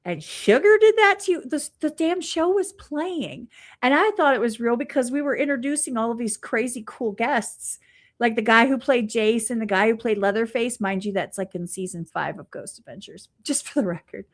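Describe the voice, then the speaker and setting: A woman chatting casually, telling animated stories and swearing freely. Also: on the high side, normal speed. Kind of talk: casual chat.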